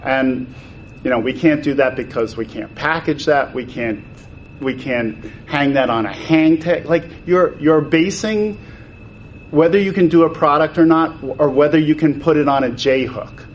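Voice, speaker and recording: A man's voice: on the high side, measured pace, dull audio, a little hiss or hum. A man, a toy designer, telling stories in conversation and acting out the quoted exchanges with changes of voice. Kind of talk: animated storytelling in conversation.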